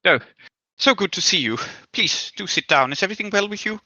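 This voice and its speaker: A man voicing a smooth, scheming figure in a tabletop role-play who speaks in a formal, courteous way with hesitant restarts. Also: high voice, expressive, fairly quick, pushed and bright, no echo, muffled recording, pitched above the performer's own voice, heavily acted. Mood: polite scheming.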